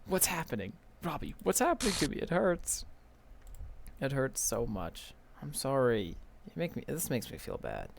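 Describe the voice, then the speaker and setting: A man's voice: medium pitch, huge pitch swings, normal speed, vocal fry, a little hiss or hum, voice pushed up. A man reading aloud the lines of a heartbroken teenage girl character from a game, with pleading, wounded emphasis.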